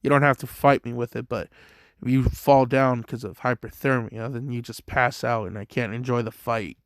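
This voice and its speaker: A man voicing a calm, self-assured teenage boy fighter who teases his opponent. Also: medium pitch, normal speed, dry recording, clean studio sound, close to an everyday voice.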